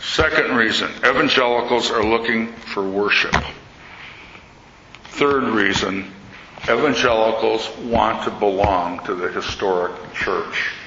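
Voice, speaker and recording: An older man, an Orthodox priest, giving a talk in sermon style and telling stories with lively quoted voices. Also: lowish voice, a little slow. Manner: storytelling, animated quoting of others. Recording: echoey hall, slightly dull sound, faint noise.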